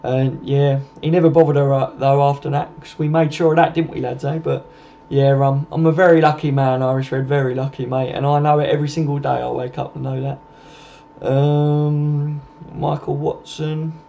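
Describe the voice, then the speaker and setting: Man, laddish live-stream host, chatty banter, mellow tone, slightly high voice, muffled lo-fi sound. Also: little pitch movement, moderate pace, vocal fry, slight background noise. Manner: laddish, chatty, swears, laughs often, reads out comments. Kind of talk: casual live-stream chat. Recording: dull lo-fi stream audio.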